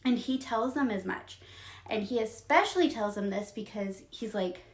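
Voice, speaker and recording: A young woman creator recapping children's books in a casual, expressive storytelling style, emotional and quick to laugh. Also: medium pitch, echoey room. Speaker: video creator retelling books.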